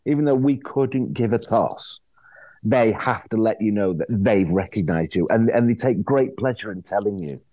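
Speaking at normal speed in a lowish voice with no echo, this middle-aged man is an actor guest trading anecdotes in casual chat. His storytelling is animated, full of acted-out quoted voices and frequent restarts.

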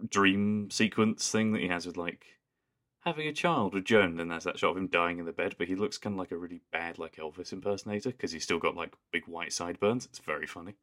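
A young Englishman with a very low voice, co-hosting a podcast. He makes wry, dry jokes in casual chat, and his tone comes across bright and forceful. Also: a little fast. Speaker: podcast co-host.

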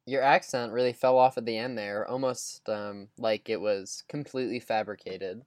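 A young man co-hosting a podcast, teasing his partner in a deadpan, mock-formal way. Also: fairly low pitch, normal speed, no room sound, studio quality. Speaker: podcast co-host. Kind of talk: casual banter.

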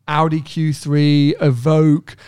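A man co-hosting a podcast in casual chat, animated and laughing, his pitch jumping around. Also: a little slow, clean tone, no echo, clean studio sound. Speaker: podcast co-host.

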